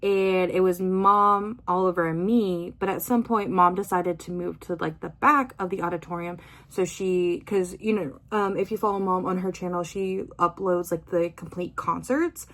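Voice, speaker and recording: A woman's voice: lowish voice, steady tone, normal speed, hardly any pauses, a bit bright. A young adult woman vlogging in a casual, rambling way with many fillers. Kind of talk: casual chat.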